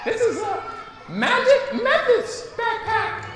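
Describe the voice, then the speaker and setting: A man voicing a kind, chirpy female fairy in a sing-song falsetto, for a children's storybook. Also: big pitch swings, slow pace, a crowd in the background, background noise, full character voice. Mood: gentle, encouraging. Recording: echoey room.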